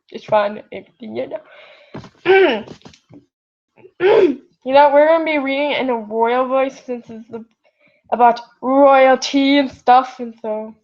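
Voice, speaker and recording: A woman with a slightly high voice reads fan fiction aloud at night in her home. She wanders off track and apologizes often, and the built-in device mic gives dull audio.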